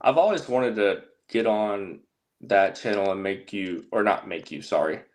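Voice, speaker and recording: A man's voice: fairly low pitch, measured pace. A man chatting casually as a guest on a livestream, rambling and joking, often correcting himself. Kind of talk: casual chat.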